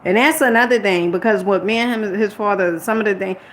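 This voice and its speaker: A woman's voice: medium pitch, brisk, a little hiss or hum. A middle-aged woman telling a personal story in a candid, rambling vlog, quoting herself and lecturing in an exasperated motherly way. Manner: rambling and candid, retells arguments and quotes herself. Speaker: vlogger.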